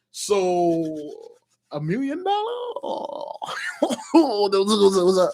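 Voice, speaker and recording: A man preaching, retelling a Bible story in loose slangy talk and acting out the characters with shouts and laughs. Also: high voice, huge pitch swings, slow.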